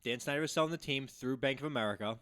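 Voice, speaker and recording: A man co-hosting a casual sports podcast, jumping in with quick, animated questions. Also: mid-range voice, no room sound. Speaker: podcast co-host.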